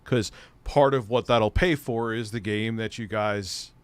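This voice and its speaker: A man's voice: on the low side, unhurried, clear, resonant tone, no room sound. A middle-aged man hosting a casual commentary stream, rambling and swearing often. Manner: profane, rambling, laughs easily. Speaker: commentary host.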